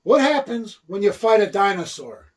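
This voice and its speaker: A man's voice: high-pitched, sing-song, normal speed, recorded from a distance. A man co-hosting a wrestling talk show, teasing his partner with wisecracks and puns. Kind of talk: casual joking chat.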